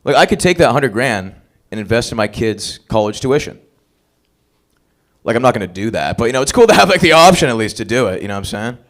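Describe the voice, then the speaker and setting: Lively profane man hosting stand-up. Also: medium pitch, quick pace. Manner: crude, profane, crowd-working banter. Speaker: open mic host comedian. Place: comedy club stage.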